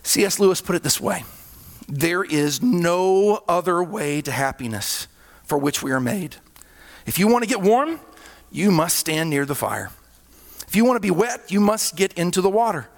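A male pastor preaching a sermon, with sudden swells in volume and hushed, slowed drops. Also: sits high, expressive. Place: church hall. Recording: reverberant hall.

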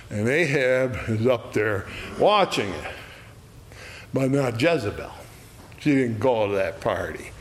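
Slow-talking man teaching Bible study. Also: mid-range voice, slight background noise. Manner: lively retelling with acted quotes and chuckles. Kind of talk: Bible study lesson, storytelling.

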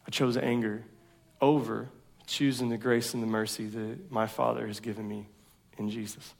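Man preaching, gravelly voice, casual and self-deprecating, slangy storytelling, sermon. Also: medium pitch, fairly even intonation, normal speed. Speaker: pastor.

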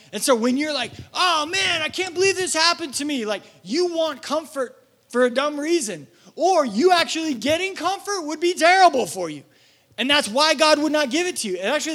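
A man's voice: high-pitched, a bit bright. A young man preaching a sermon as pastor, telling stories animatedly and acting out his own exasperation.

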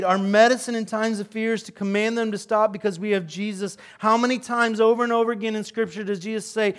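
A male pastor with a notably high voice delivers an animated sermon. He tells the story vividly, rising loud and then dropping to a quiet intensity. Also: brisk, few pauses. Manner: animated storytelling, swings between loud and soft.

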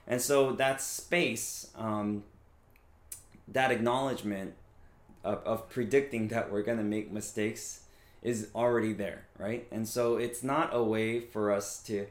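A man in his thirties preaching a sermon in a relaxed, conversational way, often checking in with his listeners. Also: fairly low pitch, unhurried, roomy sound. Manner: conversational, frequent "right?" and fillers. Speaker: pastor.

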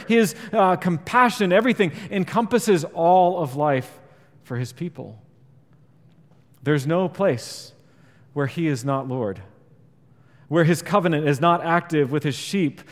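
Earnest man preaching in an echoing hall. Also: high-pitched. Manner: earnest, swells louder on key points and drops quiet on scripture. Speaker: pastor. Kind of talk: sermon. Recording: long reverb of a large hall.

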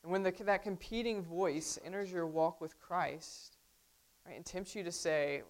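Low-voiced woman preaching conversationally. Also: steady tone, moderate pace, darkish tone. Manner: conversational, frequent "right?" asides to the congregation. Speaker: pastor. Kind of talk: sermon.

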